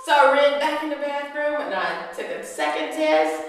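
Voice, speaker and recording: Woman, animated storyteller, roomy echo, set back from the mic. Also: sits high, moderate pace, far from the mic, a little hiss or hum. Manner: animated storyteller, acts out quotes, laughs often. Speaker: guest. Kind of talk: storytelling interview chat. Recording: echoey room, voice from the mic.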